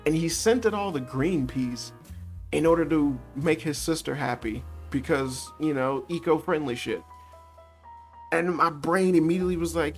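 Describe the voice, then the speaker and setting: A man with a somewhat high voice rants casually about a movie, swearing freely and dripping with sarcasm. He laughs often in the middle of his sentences. Faint music plays softly behind him. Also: normal speed. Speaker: movie reviewer. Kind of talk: casual ranting commentary.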